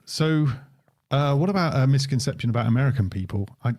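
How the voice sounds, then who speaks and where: A middle-aged Englishman talks through a casual podcast conversation. His voice sits at an ordinary pitch, and he picks his words as he goes, often restarting and repeating himself. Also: lively intonation, quick pace, darkish tone. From England. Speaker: podcast co-host. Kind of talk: casual chat.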